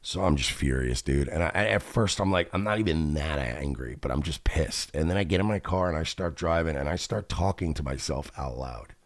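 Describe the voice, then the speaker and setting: A man's voice: extremely low pitch, a little fast, few pauses, no echo, clean studio sound. A man hosting a radio show, telling a profane, exasperated story and acting out both sides of the conversations. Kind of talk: casual storytelling rant.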